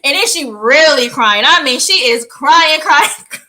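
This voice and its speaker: High, bright-voiced animated woman storyteller. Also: measured pace. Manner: animated, laughing, acts out quotes. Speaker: podcast co-host. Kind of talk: casual chat, storytelling.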